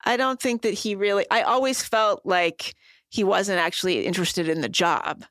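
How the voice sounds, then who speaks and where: A woman's voice: mid-range voice, moderate pace, fairly bright tone, no room sound, clean studio sound. A woman guesting on a podcast, blunt and opinionated in conversation. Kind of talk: casual conversation.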